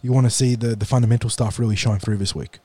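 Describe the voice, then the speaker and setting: A man co-hosting a sports podcast, sounding hoarse and nasal from a cold, giving brisk match predictions. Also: mid-range voice, steady tone, a little mellow, no echo. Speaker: podcast co-host. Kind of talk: casual sports podcast chat.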